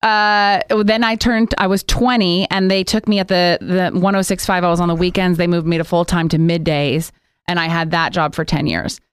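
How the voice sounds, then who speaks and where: A woman in her forties, a radio broadcaster and comedian, chatting as a podcast guest in a quick, self-deprecating way. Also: lowish voice, level tone, smooth, no room sound, studio quality. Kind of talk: casual interview chat.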